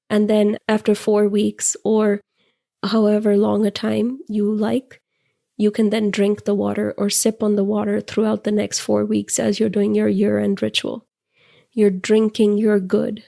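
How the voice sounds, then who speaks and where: Podcast host, woman, earnest and gushing, gravelly low-key voice, guides listeners through a ritual. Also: warm tone.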